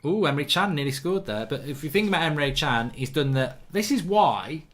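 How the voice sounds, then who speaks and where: A man's voice: a little high, expressive, fairly bright tone. A man hosting a live football watchalong, chatting casually, reading out viewer comments and giving strong opinions. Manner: chatty, opinionated, quick to get worked up over refereeing.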